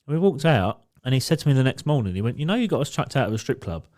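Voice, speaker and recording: A young man on a podcast, telling a swearing, animated anecdote with quoted voices in casual chat. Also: mid-range voice, very fast. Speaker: podcast co-host.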